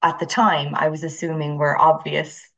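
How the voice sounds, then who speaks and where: A woman with an Irish accent, a teacher speaking as an interview guest and telling animated stories from her classes. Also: deep voice, moderate pace, lo-fi sound. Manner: animated storyteller, acts out voices. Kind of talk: conversational interview.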